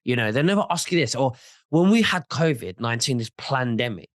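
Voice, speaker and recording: A man's voice: medium pitch, lively intonation, brisk, dry recording, studio quality. A man in a casual video interview who speaks insistently and often repeats words as he starts a point.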